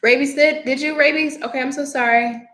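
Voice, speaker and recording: A woman's voice: high voice, steady tone, fast, sharp tone. A woman giving a casual, chatty tarot reading on a livestream, talking bluntly and laughing easily. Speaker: tarot reader. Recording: echoey room with faint noise.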